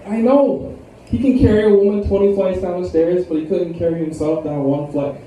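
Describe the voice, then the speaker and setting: A man's voice: high-pitched, steady tone, brisk, warm tone, slight background noise. Laid-back young man doing stand-up in an echoey room. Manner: laid-back, rambling delivery with many fillers. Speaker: stand-up comedian. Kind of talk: stand-up comedy set. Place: lounge with a live audience. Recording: echoey room, far from the mic.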